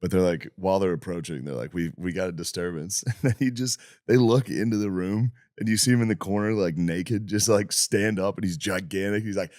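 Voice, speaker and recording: A man's voice: low voice, steady tone, fairly quick, few pauses, a little mellow, no echo, clean studio sound. A man co-hosting a podcast in casual chat, who swears freely and laughs while describing videos.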